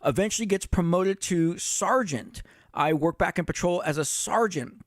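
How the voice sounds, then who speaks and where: A retired police chief in his fifties spins stories on a relaxed livestream, his voice high and his speed normal. Talking straight to viewers, he keeps it conversational with occasional casual swearing. The sound is dry and studio quality.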